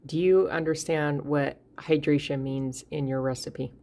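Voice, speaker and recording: A woman's voice: deep voice, fairly even intonation, measured pace, dark tone. A woman hosting a home baking vlog, chatting casually and encouragingly to her viewers. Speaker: baking channel host. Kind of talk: casual cooking vlog talk.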